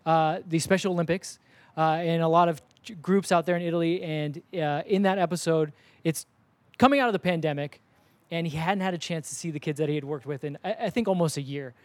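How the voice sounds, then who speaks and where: A man's voice: on the high side, fairly quick, no echo. A man co-hosting a casual sports podcast, talking animatedly and acting out what others say. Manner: animated, acts out quoted voices.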